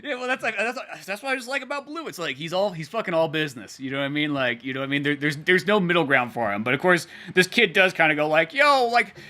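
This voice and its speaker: A man's voice: fairly high pitch, quick pace, hardly any pauses, pushed and bright. A young man co-hosting a podcast, chatting loosely with lots of fillers and swearing, acting out quotes from a comic. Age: young adult. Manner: loose and profane, many fillers, acts out quotes. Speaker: podcast co-host. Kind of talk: casual chat.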